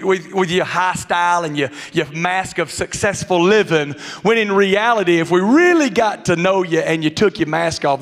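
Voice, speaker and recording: A pastor with a high voice gives a lively, playful sermon from a church stage, animatedly acting out mask characters in mocking, funny voices. A long hall reverb surrounds his words, and his microphone sounds muffled through a mask.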